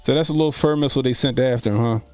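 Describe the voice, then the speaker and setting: A man's voice: medium pitch, rapid-fire, darkish tone, clean tone, soft background music. A man hosting a casual live stream, telling loose, profane, laughing stories and answering chat comments, speaking. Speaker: streamer host.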